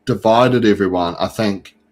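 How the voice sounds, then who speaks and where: A man with a lowish voice hosts a relaxed fan podcast. He talks in a chatty, loose way, full of fillers and restarts. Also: unhurried. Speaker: podcast host. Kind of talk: casual fan chat.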